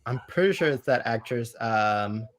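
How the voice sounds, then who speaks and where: A man's voice: mid-range voice, lively intonation, moderate pace. Easygoing man chatting with fillers. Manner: easygoing, filler-heavy, many "like" and "um". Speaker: guest reviewer on a podcast. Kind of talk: casual podcast chat.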